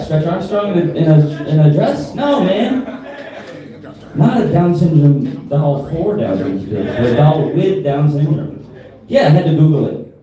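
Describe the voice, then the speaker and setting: A man in his thirties doing a crude stand-up comedy set in a club, with a deadpan delivery and asides to the crowd. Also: medium pitch. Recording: roomy live club sound, from a distance.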